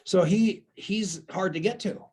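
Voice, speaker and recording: A middle-aged man, a guest on an interview podcast, telling a story loudly and with lively energy. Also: high voice, unhurried, husky. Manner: loud, lively anecdote teller. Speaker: guest, network marketer.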